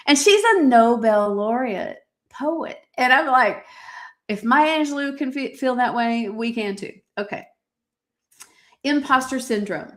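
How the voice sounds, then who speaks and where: A woman's voice: fairly high pitch, expressive, slow. A woman hosting a motivational podcast, reading from her own journal with emphatic, preacher-like exhortations and frequent fillers. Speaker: podcast host.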